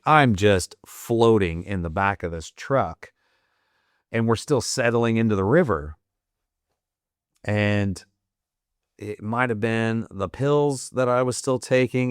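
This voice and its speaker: A man's voice: on the low side, clear, resonant tone, no room sound, clean studio sound. A man in his forties, a Marine veteran guest on a podcast, telling war stories in a blunt, profane, matter-of-fact way. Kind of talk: casual war storytelling.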